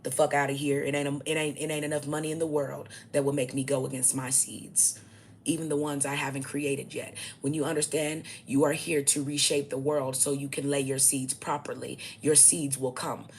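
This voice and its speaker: A woman with a low, heavy voice holds forth to camera as a self-styled spiritual teacher. She preaches in a blunt, profane, combative way. Faint noise sits under her voice. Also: little pitch movement, moderate pace. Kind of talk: ranting monologue to camera.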